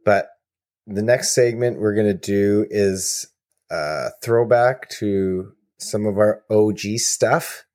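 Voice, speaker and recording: Slow-talking teasing man. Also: on the low side, darkish tone. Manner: laughs often, teasing. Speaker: podcast co-host. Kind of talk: casual podcast chat.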